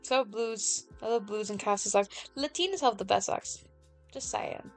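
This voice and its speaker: A woman streamer hosts in chatty, rambling talk packed with fillers, her medium-pitched voice at normal speed with faint music behind. Her accent blends British and American.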